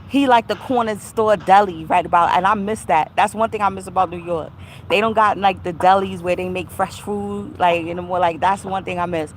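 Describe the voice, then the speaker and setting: A woman vlogs casually from inside her car, loose and unhurried in her delivery. She laughs often and drops slang and curse words freely. A faint vehicle hum sits behind her voice. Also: medium pitch. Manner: laid-back, laughing, slangy and profane. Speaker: vlogger. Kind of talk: casual chat.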